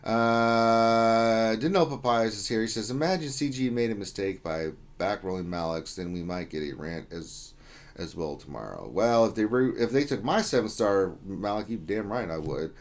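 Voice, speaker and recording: A man's voice: lowish voice, animated, moderate pace. A man hosting a casual livestream, reading out chat names and greetings in a loose, joking way. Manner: reads chat names aloud, jokey and loose. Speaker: livestream host.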